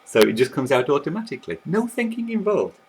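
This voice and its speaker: A man teaching about language learning, explaining in a lively, animated way while sketching on a board. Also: fairly high pitch, quick pace, slightly rough, poor audio. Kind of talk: explanatory video talk.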